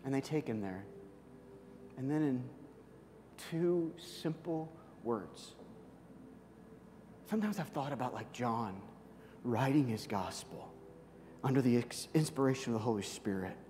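A male pastor delivering a sermon at a middle pitch, voice ringing with long reverb in a large hall. His delivery is dramatic, rising to loud, high outbursts and falling to near-whispers. A faint low rumble sits underneath. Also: lively intonation, a little slow, long pauses. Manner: dramatic, swings from loud and high to soft and hushed.

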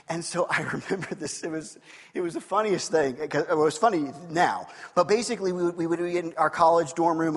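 A middle-aged man preaching a sermon as a pastor, telling stories with animated swings between loud and quiet. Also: on the high side, slightly rough. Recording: long hall reverb.

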